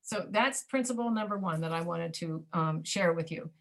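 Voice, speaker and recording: A woman's voice: on the low side, normal speed. A woman teaching a pronunciation class over a video call, demonstrating reduced speech and often checking that students understand.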